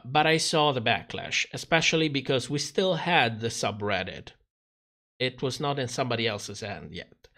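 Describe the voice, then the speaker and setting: A man's voice: medium pitch, fairly bright tone. A man hosting a livestream, chatting casually and animatedly, laughing often and going off on asides. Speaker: host of a drag show review livestream.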